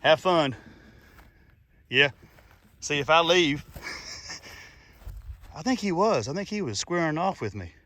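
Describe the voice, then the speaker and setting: A man's voice: on the high side, lively intonation, slow, long pauses, pushed and bright, no room sound. A middle-aged man hosting a casual nature vlog outdoors by a pond, talking in a folksy, rambling way. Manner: folksy, chatty, rambling with fillers. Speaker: channel host.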